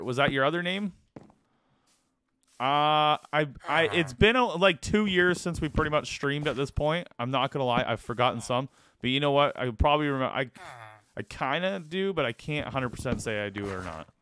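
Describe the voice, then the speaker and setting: A man's voice: mid-range voice, animated, moderate pace, fairly bright tone. A man live-streaming a video game, chatting casually and playfully with his viewers. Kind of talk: live gaming stream chat.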